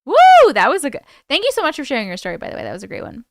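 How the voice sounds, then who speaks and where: Chatty woman streamer, high and super animated voice, swears a lot. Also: rapid-fire. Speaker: host reading viewer stories. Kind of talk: casual live-stream chat.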